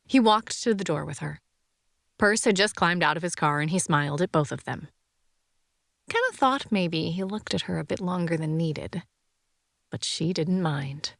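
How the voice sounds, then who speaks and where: A woman narrates a science fiction audiobook in an even, measured way. Her voice sits low with a gravelly edge. The recording is dry and close, with no room sound. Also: no echo.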